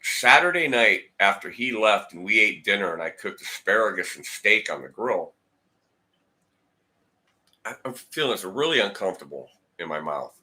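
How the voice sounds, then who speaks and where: A man's voice: on the low side, very animated, normal speed, bright, forceful tone. A man telling a long personal story in a rambling, casual way, acting out the dialogue and repeating words. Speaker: guitar channel host. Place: home, indoors.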